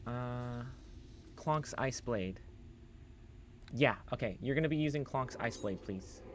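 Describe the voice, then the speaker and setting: A man's voice: medium pitch, animated, slow pace, a little hiss or hum. Rambling man streaming a role-playing game. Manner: rambling and loose, swears casually; reads game text aloud. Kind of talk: casual gameplay commentary.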